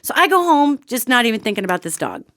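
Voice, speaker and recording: Brief: woman host, chatty storyteller, lively swooping pitch, dry close sound. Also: fast, dry recording. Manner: animated and chatty, addresses listeners as gang. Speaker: radio show host. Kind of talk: casual anecdotal storytelling.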